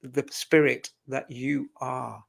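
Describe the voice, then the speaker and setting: Gravelly, earnest male guest. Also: mid-range voice, flat delivery, slow pace. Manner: earnest and reflective. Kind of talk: casual live-stream chat.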